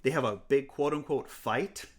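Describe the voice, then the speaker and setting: A man in relaxed podcast conversation, sardonically summarizing a fantasy novel and poking fun at its lines. He speaks at an ordinary middle pitch, with the loose, filler-heavy rhythm of friends talking. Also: normal speed. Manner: wry, sarcastic retelling with frequent "like" fillers. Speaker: podcast co-host. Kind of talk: casual book-club chat, reading aloud and summarizing.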